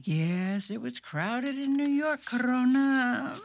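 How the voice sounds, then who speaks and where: A woman hosting a children's radio storytime, reading a picture book aloud in a slow, expressive manner. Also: high voice. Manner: slow, expressive, lively sing-song.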